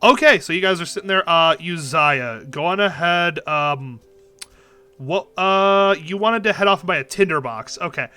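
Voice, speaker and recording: A man's voice: sits high, moderate pace, pushed and bright, clear, resonant tone. A man narrating as game master in a tabletop game, casual and laughing, with many restarts. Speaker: dungeon master.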